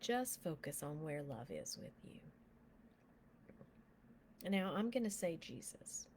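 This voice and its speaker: A woman leading a guided prayer and telling a testimony, speaking softly with frequent whispers and becoming emotional as she tells the story. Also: low-pitched, slight background noise. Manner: soft, slow and often whispered while guiding prayer; gets emotional and animated while telling the story. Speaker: minister.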